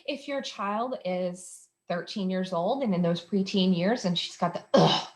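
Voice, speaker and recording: A woman's voice: fairly low pitch, a little slow, darkish tone. Woman explaining parenting strategies. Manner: conversational, explanatory, with frequent fillers. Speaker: behavior specialist host. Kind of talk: instructional talk to parents.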